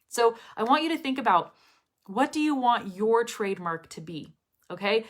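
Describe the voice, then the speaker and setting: Expressive, clear-spoken woman teacher. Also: mid-range voice. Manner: expressive, very clear speech, laughs often. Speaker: English pronunciation teacher. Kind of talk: live stream chat with students.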